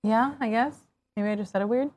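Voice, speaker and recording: A woman's voice: a little high, fairly quick, a little mellow. A woman co-hosting a casual livestream chat, chiming in with short dry asides.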